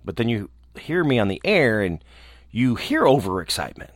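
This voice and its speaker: A man who hosts a show, talking alone in a small room in a reflective, earnest way, often restarting and trailing off softly. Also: mid-range voice, sing-song, dry recording, studio quality. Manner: earnest, halting, with restarts and soft trailing endings. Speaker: radio host. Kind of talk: reflective casual monologue.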